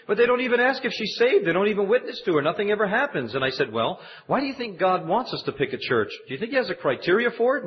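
A man preaching a sermon, telling a personal story and building to high, emphatic exhortation. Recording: dull lo-fi recording.

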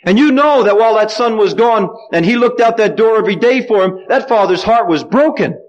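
A man preaching a sermon, asking the congregation questions and letting them call back the answers, with sudden swings in pitch and pace. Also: lively intonation, fairly quick, dull audio. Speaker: pastor.

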